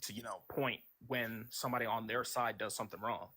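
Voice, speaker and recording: A man's voice: lowish voice, steady tone, fairly quick, bright, forceful tone. A man talking as a guest on a live stream, rambling and repeating words while he thinks through a point. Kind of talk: casual debate chat.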